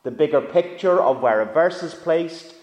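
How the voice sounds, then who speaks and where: A man's voice: on the high side, lively intonation, moderate pace, darkish tone. Male pastor; chatty, engaging preacher who asks his congregation questions; recorded with long church reverb. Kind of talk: sermon. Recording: echoey church hall reverb.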